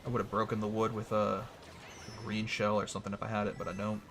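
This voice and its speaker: Chatty male gamer with a gravelly voice. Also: lowish voice, completely flat delivery, fast talker. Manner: chatty, enthusiastic, self-mocking. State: hiccups with wheezing. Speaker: streamer. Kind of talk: casual gameplay commentary.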